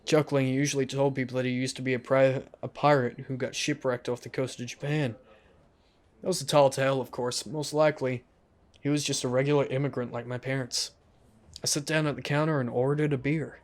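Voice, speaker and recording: A man's voice: medium pitch, little pitch movement, a little fast. A man hosting a let's play, reading a visual novel aloud and adding joking, self-deprecating asides.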